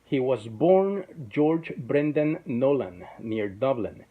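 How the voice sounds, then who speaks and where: A man's voice: mid-range voice, expressive, takes it slowly, narrow, tinny audio, slight background noise. A man hosting an online show in a chatty, self-deprecating way, with many fillers. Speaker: host. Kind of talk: casual YouTube show.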